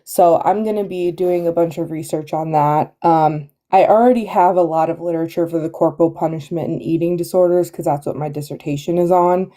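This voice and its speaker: A woman's voice: lowish voice, steady tone, brisk, hardly any pauses, warm tone. A woman who is a therapist, calling in to a live stream with a headache, talking in a hesitant way with many fillers and restarts. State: has a headache. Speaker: guest caller. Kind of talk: casual live-stream chat.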